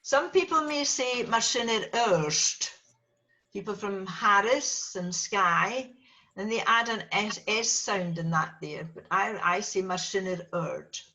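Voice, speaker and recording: In a small-class Gaelic lesson, the teacher takes her time, her medium-pitched voice pushed and bright. Each word is repeated patiently so the students can echo it.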